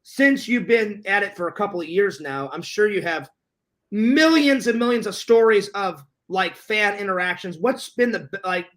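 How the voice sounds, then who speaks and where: Woman, podcast host, mid pitch, rambling questions, casual. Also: expressive, moderate pace. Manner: asks long rambling questions with restarts. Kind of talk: casual interview.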